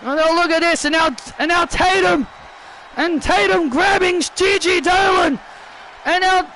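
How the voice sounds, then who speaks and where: A man calling a wrestling video game match in an unusually high, bright voice. He talks slowly, stumbling over and repeating phrases, and breaks into shouts at big moments. A faint hiss of noise sits behind him. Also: low-quality recording. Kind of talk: excited play-by-play commentary.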